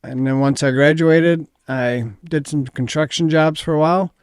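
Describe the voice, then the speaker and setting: Modest, smooth-voiced Midwestern American man. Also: a little high, fairly even intonation, moderate pace, no room sound, studio quality. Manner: modest, hesitant, many ums. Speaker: company founder, interview guest. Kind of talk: casual interview talk.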